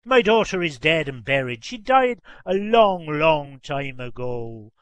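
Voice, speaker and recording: A man's voice: a little high, very animated, measured pace, clean tone, no room sound. Give me a man voicing a cold, angry old father, heavy with sorrow. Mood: stern. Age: older. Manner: angry, then sorrowful and stiff. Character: stern, grieving old gentleman father.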